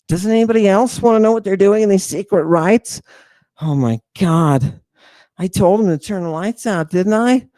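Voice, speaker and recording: A man giving a lecture over slides, emphatic and dramatic, constantly asking "right?" and swinging between hushed asides and loud outbursts. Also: sits high, moderate pace, no room sound. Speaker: lecturer on ancient Greek language and ritual.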